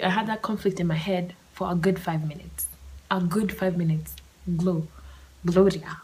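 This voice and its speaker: A young woman hosts a casual solo storytime podcast, rambling and animated and often dropping into a whisper. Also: mid-range voice, low-quality recording. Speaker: podcast host.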